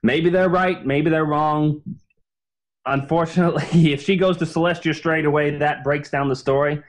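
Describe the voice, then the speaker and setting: A man's voice: on the high side, fairly even intonation, normal speed. A man, a guest author in a casual podcast interview, explaining his reasoning in an earnest, think-aloud way.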